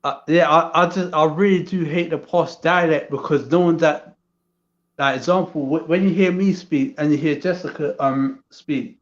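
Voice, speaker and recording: A man talks over a video call, his voice a touch high for a man. He hesitates, with fillers and repeated words as he works out his point. The audio is muffled and echoes as if in a bare room. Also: steady tone, normal speed. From England. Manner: hesitant, many restarts and fillers. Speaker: guest. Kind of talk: casual chat.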